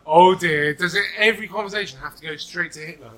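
Chef guy from egypt on a podcast, slightly high, bright voice, teasing. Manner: teasing, quick-witted. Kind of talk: casual chat.

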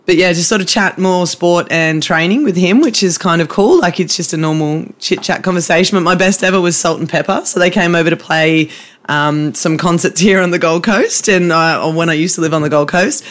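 Brief: high-pitched australian bloke, self-mocking sports-podcast storyteller. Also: male voice, fairly quick, a bit bright. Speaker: podcast co-host. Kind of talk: casual banter, storytelling.

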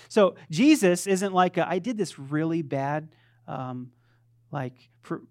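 A male pastor preaches in a conversational way, making self-deprecating remarks, often restarting sentences, and quizzing the congregation with questions. His voice is on the high side with a clean tone.

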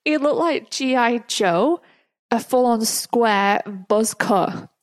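A woman's voice: a little high, slow, no echo. A woman hosting a podcast, telling a personal story in a chatty way and laughing often along the way. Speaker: podcast host.

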